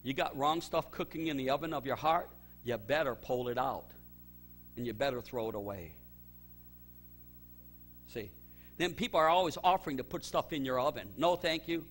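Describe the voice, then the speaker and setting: A middle-aged male pastor telling a personal story in a sermon, his voice swinging from loud excited bursts to low quiet emphasis. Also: normal speed, long pauses, slight background noise.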